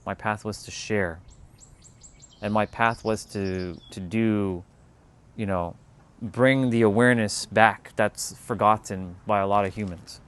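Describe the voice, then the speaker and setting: A man's voice: lowish voice, steady tone, unhurried, fairly bright tone, clean tone. A man from Canada, chatting casually on a livestream, rambling and restarting his words as he answers chat. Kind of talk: casual live-stream chat.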